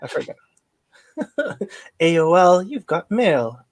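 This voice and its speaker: A woman's voice: lowish voice, very animated, takes it slowly, darkish tone. A woman co-hosting a podcast in casual chat, laughing often, retelling stories with quoted dialogue, and reading out listener comments.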